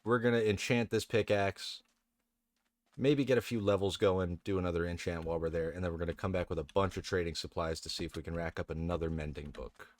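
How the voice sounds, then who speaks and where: A man with a deep, low voice narrates his gameplay in a laid-back, chatty way. He talks to the characters on screen and drops the occasional curse. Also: fairly even intonation, brisk. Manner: casual, chatty, swears, talks to game characters. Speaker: let's play host. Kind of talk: relaxed gameplay commentary.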